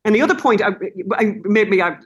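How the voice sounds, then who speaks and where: A middle-aged woman speaking as an interview guest, her voice at an everyday middle pitch. She talks in an animated, rambling way, breaking off and restarting her sentences as she goes. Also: fairly quick, husky, dull audio. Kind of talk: casual interview talk.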